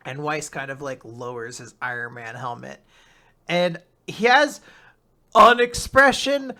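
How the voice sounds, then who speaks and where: A young man co-hosting a casual manga recap, retelling chapters with animated quoted character lines. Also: medium pitch, measured pace. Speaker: podcast co-host.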